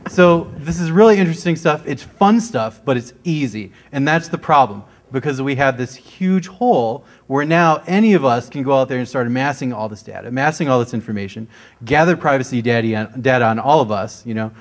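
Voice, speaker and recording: A man's voice: mid-range voice, a little fast. Casual man presenting at a conference. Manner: casual, keeps asking "right?". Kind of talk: security conference talk. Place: conference stage.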